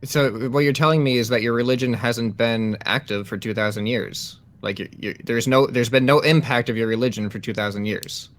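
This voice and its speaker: Man, casual chat, dry humor, medium pitch, jokey. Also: fairly quick, hardly any pauses, a bit bright. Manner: dry, joking, laughs at his own quips.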